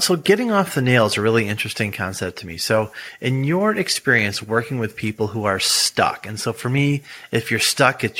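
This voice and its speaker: A man's voice: lowish voice, a bit bright. A man interviewing a guest, asking curious questions and affirming her answers.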